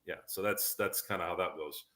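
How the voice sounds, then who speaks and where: A man hosting a casual sports show on a livestream. He rambles from one thought to the next and restarts his sentences often. In between, he reads viewer questions out loud. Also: deep voice, a little fast. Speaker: podcast host.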